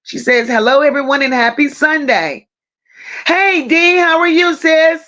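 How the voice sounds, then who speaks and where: A woman's voice: sits high, unhurried, pushed and bright. A woman hosting a livestream, greeting her viewers one by one with pet names like baby and boo. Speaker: livestream commentary host. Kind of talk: casual livestream chat. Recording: dull lo-fi livestream audio.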